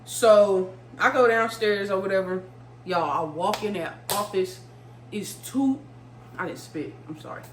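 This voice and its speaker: A woman vlogger telling a story in a casual, animated way, swearing freely and talking straight to her viewers. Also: mid-range voice, a little slow, roomy sound, noisy background.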